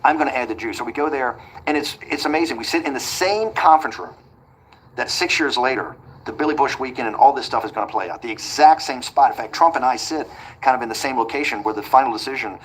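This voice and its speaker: A man being interviewed, telling a long anecdote quickly and acting out the quoted back-and-forth. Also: medium pitch, a little hiss or hum, poor audio. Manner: rapid anecdotal delivery that acts out quoted dialogue. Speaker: interview guest. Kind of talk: storytelling in a conversational interview.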